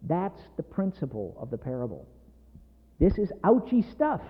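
A man's voice: fairly high pitch, huge pitch swings, moderate pace, breathy edge. Passionate man preaching, tinny and echoey. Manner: passionate, emphatic preaching with rising intensity. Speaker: pastor. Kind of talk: sermon. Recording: tinny phone-like sound in a reverberant hall.

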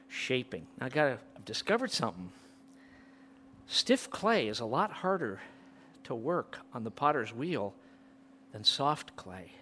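A middle-aged male pastor preaching an impassioned sermon, swinging from loud peaks to near-whispers. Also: medium pitch, very animated, unhurried, long pauses, slight background noise.

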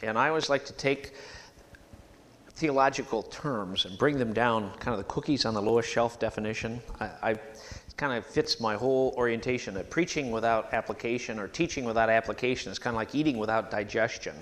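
A man preaching a sermon in a church, emphatic and animated, leading the congregation to repeat phrases after him. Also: medium pitch, a little fast. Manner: sings hymn lines at the start.

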